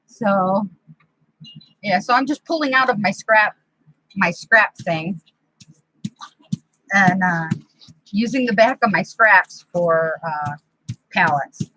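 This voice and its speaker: In her home craft room, a middle-aged craft channel host chats on a live stream while working, teasing and playfully scolding the kids around her. She has a mid-range voice with a sharp tone, speaking slowly with long pauses. The desk computer mic yields a low-quality recording with no echo.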